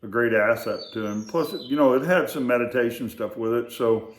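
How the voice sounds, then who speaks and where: An older man casually telling family stories, in a rambling, halting way with many fillers and restarts. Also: mid-range voice, slight background noise. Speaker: storyteller. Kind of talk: casual storytelling. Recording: echoey room.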